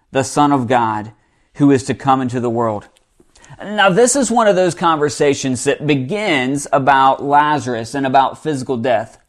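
A man preaching a sermon in a conversational way, reading scripture and dropping to a hushed voice for emphasis. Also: mid-range voice. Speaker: pastor.

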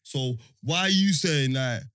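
A man's voice: mid-range voice, a little slow, fairly bright tone, smooth, dry recording. A young man tells a slang-heavy story in casual chat, acting out the dialogue of the people in it. The sound is dry and close.

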